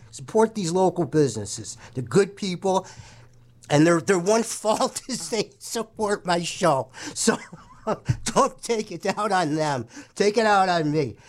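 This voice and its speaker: A male radio host with a slightly higher voice rambles casually through his show. He jokes irreverently and drifts off topic between sponsor reads.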